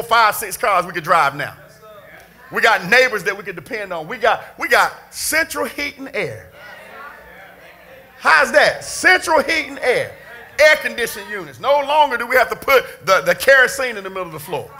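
A middle-aged man preaching a sermon in a church, often raising his voice to a shout for emphasis. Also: very high voice. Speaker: pastor. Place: church sanctuary.

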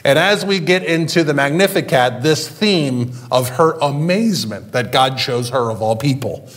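A man's voice: mid-range voice, animated, moderate pace, a bit bright. A male pastor preaching a sermon in a conversational way, with frequent fillers and restarts.

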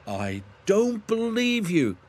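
A man's voice: on the high side, lively intonation, moderate pace, darkish tone, husky, voice pushed up. A man voicing a proud, eager little male tank engine from a children's cartoon, in a raised, indignant voice.

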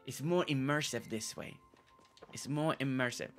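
A man's voice: mid-range voice, normal speed, bright, forceful tone. A man streaming a game, chatting playfully with his viewers and joking around. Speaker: gaming streamer. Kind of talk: casual gameplay commentary. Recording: faint game music behind.

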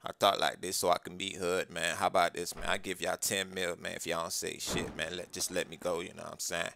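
A man doing a deep gravelly rapper drawl. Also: level tone, a little fast, bright, forceful tone, no echo, full character voice. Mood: bargaining. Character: mumbling rapper impression, adult man, slow and sly. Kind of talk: comedy skit voice acting.

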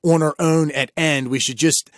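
Rambling, animated podcast co-host man. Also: on the high side, normal speed, no echo, studio quality. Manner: rambling, animated storytelling with many restarts. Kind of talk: casual chat.

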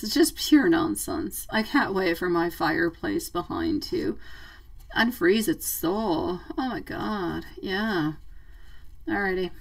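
A woman hosting a live tarot reading, chatty and affectionate, calling her listeners sweetie and love, playful and quick to laugh. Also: lowish voice, recorded from a distance, rough recording. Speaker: tarot reader.

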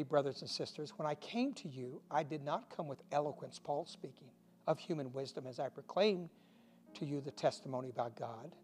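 A man's voice: fairly high pitch, darkish tone, husky. A man preaching a short recorded devotional sermon as pastor, folksy and earnest, with self-deprecating asides.

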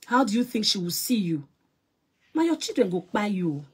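A Nigerian woman, an actress and producer, scolding someone loudly on a live stream and mixing in Pidgin English. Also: sing-song, normal speed, slightly rough. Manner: loud and scolding, mixing Pidgin English, big swings in pitch and volume.

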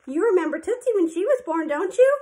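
A woman's voice: extremely high pitch, expressive, fairly quick, mellow, voice pushed up. Woman doing a patient, firm young mother. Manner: kindly but firm.

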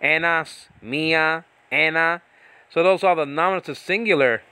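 A man's voice: fairly high pitch, unhurried, bright, forceful tone, smooth, no echo. A man teaching Bible Greek in a loose, rambling way, breaking off into tangents and laughing. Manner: rambling, self-interrupting, laughs often. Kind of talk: casual teaching talk with tangents.

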